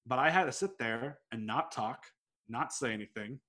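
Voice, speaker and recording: A man's voice: medium pitch, lively intonation, moderate pace, pushed and bright. Rambling man telling a story. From United States. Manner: rambling, storytelling, swears freely, fillers like "like". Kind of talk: casual chat.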